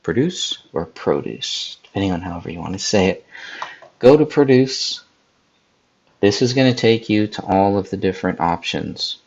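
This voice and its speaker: A man with a low, gravelly voice leads a live editing tutorial, casually explaining each step as he goes. He chats with viewers in the live chat while he works. The recording sounds dull and lo-fi. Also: lively intonation, moderate pace, darkish tone. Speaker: podcast host.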